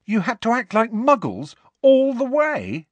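A man's voice: on the high side, huge pitch swings, normal speed, no room sound, pitched above the performer's own voice. A man voicing an awestruck teenage schoolboy, raising his voice in amazed questions.

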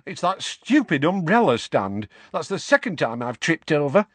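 A man's voice: fairly high pitch, sing-song, normal speed, no echo, voice pushed up. A man voicing a clumsy young woman who wails apologies. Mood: sheepish. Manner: wailing apology.

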